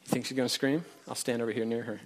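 A man's voice: medium pitch, level tone, rapid-fire, slight background noise. A man preaching a conversational sermon to a live congregation, chatting directly with the people in the room.

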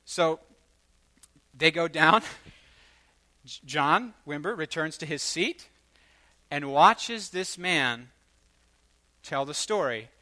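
A man preaching, telling a story with lively acted-out quotes that swell into loud bursts. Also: a little high, slow, pauses often. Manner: animated, acts out quoted voices, rising to loud bursts. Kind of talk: sermon storytelling.

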